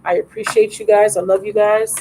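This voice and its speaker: A woman's voice: medium pitch, flat delivery, fairly quick, noisy background. Affectionate woman tarot reader, live stream. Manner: affectionate, calls viewers baby and love.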